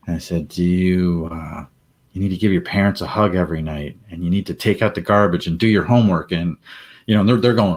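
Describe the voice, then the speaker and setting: A middle-aged man with a very low, deep voice, chatting casually on a panel. He tells his story in an animated way, laughing often and acting out the voices of others. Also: brisk. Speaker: panel guest.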